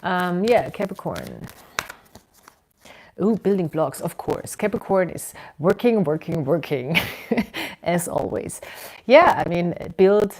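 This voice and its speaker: A woman giving a casual tarot reading from indoors at home, musing and unhurried, with frequent ums and soft laughs. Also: on the low side, animated, rough recording. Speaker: tarot reader.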